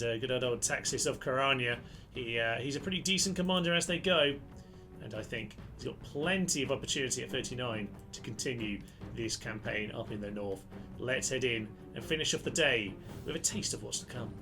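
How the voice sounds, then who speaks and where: A man giving chatty, excitable commentary on a strategy game, cheering his troops on. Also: medium pitch. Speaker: gaming channel host. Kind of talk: casual gameplay commentary. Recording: gameplay commentary with loud music behind. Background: guitar music.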